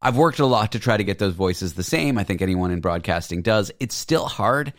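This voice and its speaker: A male radio host interviewing a guest with playful, teasing asides. His voice is lively and moves a lot in pitch. It is recorded dry and close, with no room sound. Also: dry recording. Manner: joking, quick asides.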